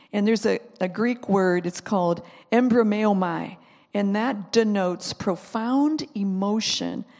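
Gravelly-voiced woman preaching in a reverberant hall. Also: medium pitch, a little mellow. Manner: emotional, drops to whispers and rises to impassioned pleas. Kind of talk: sermon.

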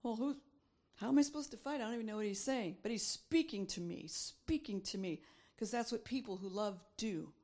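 A woman's voice: medium pitch, a little fast, darkish tone. A middle-aged woman preaching a sermon, reading scripture aloud and repeating phrases for emphasis.

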